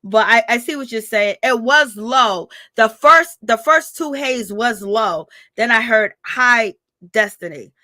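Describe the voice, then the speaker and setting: Blunt, chatty woman with a bright voice. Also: on the high side, expressive, measured pace, dry recording. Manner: chatty, blunt, talks straight to viewers. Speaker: reality TV recap commentator. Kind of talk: casual reaction commentary.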